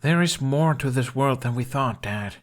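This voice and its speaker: A man's voice: medium pitch, moderate pace, voice pushed up, lightly acted. A man voicing an anxious, frantic young Viking man who pleads in a raised, urgent voice. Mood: exasperated.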